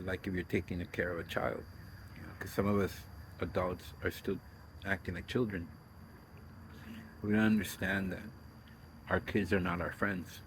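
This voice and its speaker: On his own self-interview show, a middle-aged man with a low voice tells stories casually, bluntly and profanely, rambling, trailing off and restarting. There is noise in the background.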